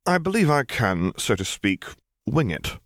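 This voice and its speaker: A man's voice: mid-range voice, very animated, measured pace, a bit bright, no room sound, clean studio sound, pitched above the performer's own voice. A man voicing a courteous older former Navy man with formal, wry phrasing. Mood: courtly. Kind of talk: audiobook character voice.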